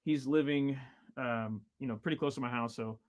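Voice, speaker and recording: A man in his thirties tells a long story in a loose, rambling way. He stacks up fillers and restarts and laughs easily. His voice sits at an ordinary middle pitch. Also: normal speed. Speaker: podcast guest, drummer. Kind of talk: casual storytelling chat.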